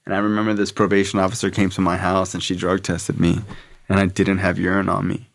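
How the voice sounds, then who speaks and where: A man's voice: sits low, completely flat delivery, a little fast, vocal fry. A young man, a podcast guest, telling a blunt, profane story about his past in a casual way.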